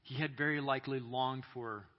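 A man preaching at a youth conference, retelling a story with dramatic pauses and acted-out voices. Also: mid-range voice, steady tone. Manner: dramatic storytelling, acting out quoted prayers and voices. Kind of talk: sermon. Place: large hall. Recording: echoey hall, dull sound.

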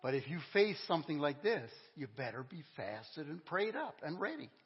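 An older man preaching an informal sermon in a church. He talks in a halting, conversational way, correcting himself and asking the congregation questions. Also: fairly high pitch, very animated, breathy edge. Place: church sanctuary. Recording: dull, echoey church recording.

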